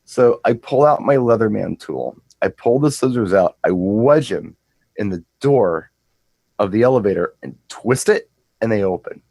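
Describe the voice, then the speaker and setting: A middle-aged man with a low voice, chatting on a show. He rambles through an anecdote and trips over repeated words. The sound is close and dry. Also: animated, normal speed, vocal fry, darkish tone, no room sound, poor audio. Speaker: co-host and DJ. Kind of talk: casual chat, storytelling.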